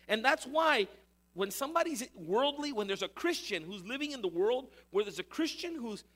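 A high-pitched man delivers a sermon with emphatic, repetitive phrasing. He builds his points through rhetorical questions aimed at the congregation. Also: a bit bright. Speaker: pastor.

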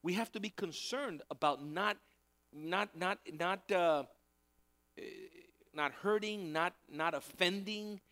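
A man's voice: high-pitched, slow pace, pushed and bright. A male pastor preaching a sermon in a conversational way, repeating key phrases for emphasis.

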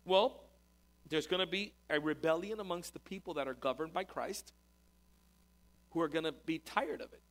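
A man's voice: on the high side, normal speed, long pauses, fairly bright tone. A man teaching a conversational sermon as a pastor, repeating words as he explains. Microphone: recorded talk to a congregation.

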